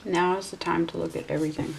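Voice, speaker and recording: Woman in her 40s doing a tarot reading, deep voice w some vocal fry, thinks out loud. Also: steady tone, fast talker, slight background noise. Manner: musing aloud, self-correcting. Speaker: tarot reader.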